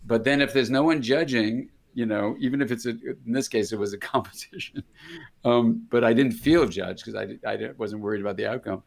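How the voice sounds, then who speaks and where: Brisk and creaky, with a mid-range voice, this older U.S. psychiatrist chats as a guest in an interview. His conversational stories wander and double back, and he performs the voices of the people in them.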